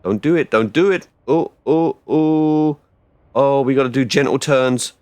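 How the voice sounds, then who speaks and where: Streaming a space game, this man keeps up loose, wandering chatter in a lively, up-and-down mid-range voice that runs a little fast. Now and then he bursts out loudly with excitement. There's no room sound at all; the recording is close and dry.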